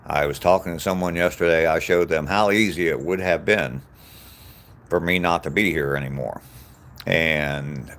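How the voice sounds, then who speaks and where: A man's voice: a bass voice, moderate pace, a bit bright. A man in his sixties chatting casually on a live stream while out walking, greeting viewers by name with lots of ums. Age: 60s. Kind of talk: casual live-stream chat reading comments. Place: outdoors on a walking trail.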